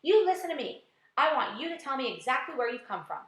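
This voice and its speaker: A woman voicing a blustering male chief of police in a storybook, shouting in alarm, in an echoey room. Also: high voice, big pitch swings, fast talker.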